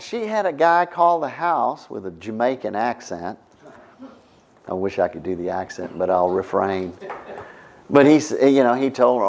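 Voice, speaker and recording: A man's voice: mid-range voice, lively intonation, moderate pace, pauses often, darkish tone. A middle-aged man preaching a sermon in a conversational way, often stopping to ask "right?". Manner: conversational, keeps asking "right?".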